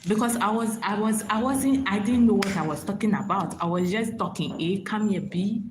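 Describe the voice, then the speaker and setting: A woman's voice: mid-range voice, normal speed, noisy background. A woman hosting a live stream and giving motivational advice in a preachy, repetitive way, often asking if listeners understand. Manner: preachy, repeats herself, asks "you understand?".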